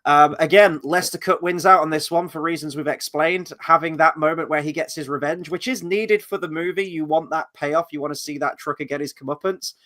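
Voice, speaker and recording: A man's voice: a little high, a little fast, few pauses. Chatty man hosting a film chat. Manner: chatty, animated storytelling. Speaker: film review host. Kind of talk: casual film discussion.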